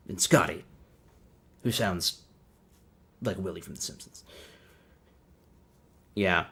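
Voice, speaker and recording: A man's voice: low-pitched, slow, vocal fry, pauses often, fairly bright tone, slightly rough. A man hosting a casual livestream, rambling and sarcastic, often laughing at his own jokes. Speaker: livestream host.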